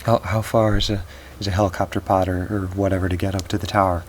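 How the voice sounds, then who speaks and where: A man voicing a desperate young hero giving hurried, terse orders in a spoken story. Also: deep voice, level tone, slight background noise, natural voice. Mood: urgent.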